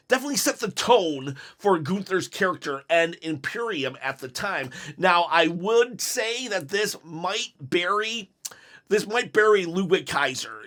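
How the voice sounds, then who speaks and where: On a casual wrestling commentary show, a male host with a sharp tone energetically pitches fantasy-booking storyline ideas, slipping into quoted lines from the wrestlers.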